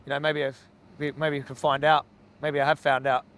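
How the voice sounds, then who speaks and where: Caught on a handheld camera by a slaughterhouse, this man heckles people outdoors with blunt, profanity-heavy remarks as an animal rights activist. His delivery is flat and a little fast, slightly high and a bit bright.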